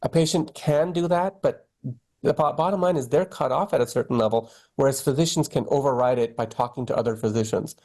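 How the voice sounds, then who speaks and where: Candid oncologist man, animated storyteller. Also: medium pitch, a little fast. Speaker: oncologist guest. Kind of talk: conversational interview.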